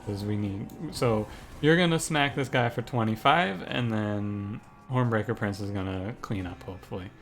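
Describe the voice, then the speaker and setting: A man's voice: fairly low pitch, normal speed, soft background music. A young man giving casual commentary on a card game as he streams it, thinking aloud with many restarts. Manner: thinks aloud, restarts, gets ranting and exasperated. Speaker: gaming streamer.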